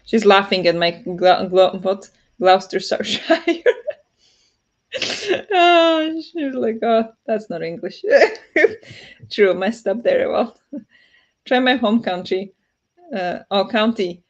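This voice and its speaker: A woman with a Flemish accent, a native Dutch speaker, chatting loosely with her stream. She laughs often and reads the chat out loud. Her mid-pitched voice comes through a slightly muffled home mic. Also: animated, slow, long pauses. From Flanders. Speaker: livestream host. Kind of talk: casual livestream chat. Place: home at night.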